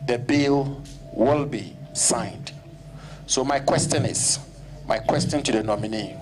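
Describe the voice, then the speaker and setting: A man questioning a nominee in a formal parliamentary hearing, deliberate and repeating key points. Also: mid-range voice, noisy background. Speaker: committee member questioning.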